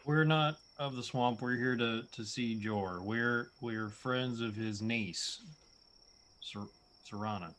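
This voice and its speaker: A man's voice: medium pitch, takes it slowly, fairly bright tone. A man playing a tabletop game, easygoing and chatty. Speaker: player. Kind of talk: casual tabletop play.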